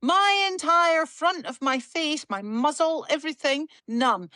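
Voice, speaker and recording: A woman on a podcast, chatting casually and spinning stories with plenty of swearing. Her voice sits a touch high and sounds dry and close, with no room around it. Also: measured pace, no room sound. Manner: chatty, swearing, animated storytelling. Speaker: podcast co-host. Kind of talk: casual chat. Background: talking while tending a dog.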